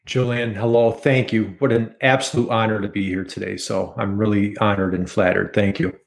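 A man's voice: on the low side, fairly even intonation, normal speed, creaky. Enthusiastic middle-aged American man. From United States. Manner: enthusiastic, repeats key figures for emphasis. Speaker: podcast guest. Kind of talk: casual interview chat.

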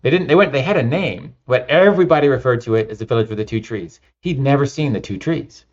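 A man telling lively anecdotes in an interview, with many fillers and restarts. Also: medium pitch, fast talker, highs cut off. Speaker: nonprofit founder and guest. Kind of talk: casual interview storytelling.

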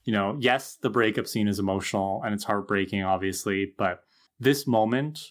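A man co-hosting a casual podcast, talking with enthusiasm and a playful streak. His delivery is chatty and relaxed. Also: fairly low pitch, normal speed. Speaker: podcast co-host. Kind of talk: casual chat.

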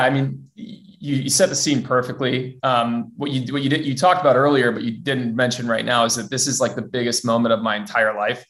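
A young man at an ordinary middle pitch tells his story at an easy, conversational pace. He rambles, stacking "um" and "like" and restarting his sentences as he goes. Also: a bit bright. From US West Coast. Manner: rambling, many fillers and restarts. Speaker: former college football player, guest. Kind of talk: casual interview storytelling.

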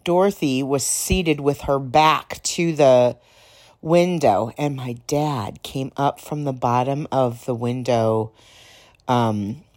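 A woman hosting a podcast, telling stories in a casual, rambling way, slightly hoarse and clearing her throat now and then. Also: rumbling low, slow, darkish tone. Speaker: podcast host. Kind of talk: casual storytelling.

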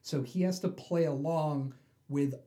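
A man co-hosting a casual chat podcast, walking through a comic book plot with energy. He keeps breaking into little voices for the characters. His tone stays warm and mellow throughout. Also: on the high side, unhurried. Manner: animated storyteller, acts out the characters' voices. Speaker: podcast co-host.

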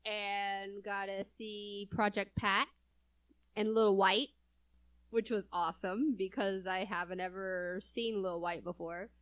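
A woman's voice: mid-range voice, fairly even intonation, slow pace, fairly bright tone. A woman in her early thirties chatting casually, laughing often and poking fun at herself. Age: 30s. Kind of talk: casual chat.

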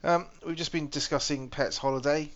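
A man's voice: a little high, fairly even intonation, normal speed, fairly bright tone. A man hosting a podcast in a casual, teasing, jokey chat. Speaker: podcast host. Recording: dull lo-fi podcast audio.

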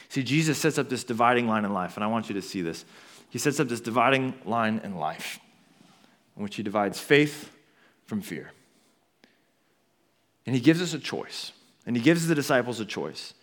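A pastor preaching a sermon, telling the story animatedly and talking casually to the congregation. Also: male voice, normal speed, long pauses. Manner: animated storytelling, acting out quotes with big swings in pitch and volume; conversational asides to the congregation.

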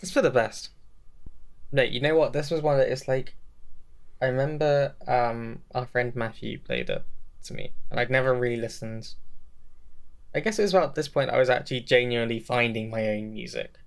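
A man's voice: mid-range voice, moderate pace. A man chatting casually as a podcast co-host, rambling with lots of restarts and fillers, full of enthusiasm. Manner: enthusiastic, animated. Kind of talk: casual chat.

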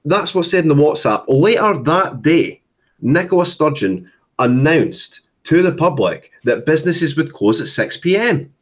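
A man's voice: on the high side, big pitch swings, a little slow. Scornful Scottish man with many uhs. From Scotland. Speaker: political activist guest. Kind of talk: casual political commentary.

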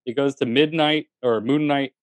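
Animated man talking TV theories. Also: medium pitch, normal speed, no room sound. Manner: animated, lots of fillers and restarts. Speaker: podcast co-host. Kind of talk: casual chat.

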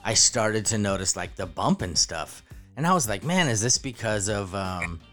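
A man's voice: lowish voice, big pitch swings, moderate pace, music in the background. A man co-hosting a podcast, playful in banter and then explaining things earnestly in a casual way. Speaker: podcast co-host.

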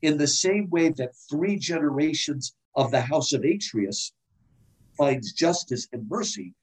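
A man's voice: on the high side, unhurried, breathy edge, rough recording. A man talking casually and animatedly about Greek drama, with a lot of restarts. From United States. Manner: animated, digressive, many restarts. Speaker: guest lecturer on Greek drama. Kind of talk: casual explanatory talk.

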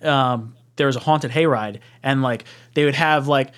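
A man co-hosting a casual sports chat stream, animated and self-mocking, breaking into laughs as he tells stories. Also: mid-range voice, moderate pace. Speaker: podcast co-host.

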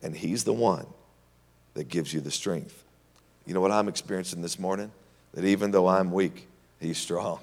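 Deep male preacher, sermon, animated delivery, long hall echo. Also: normal speed, pauses often. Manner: animated storytelling, swings between loud and hushed. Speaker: pastor.

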